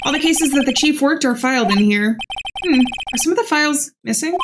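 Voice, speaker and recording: A woman's voice: high-pitched, lively intonation, brisk, background noise. A woman reading as a wry young lawyer. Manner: plain reading with dry asides. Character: young male defense lawyer, wry and earnest. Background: game music.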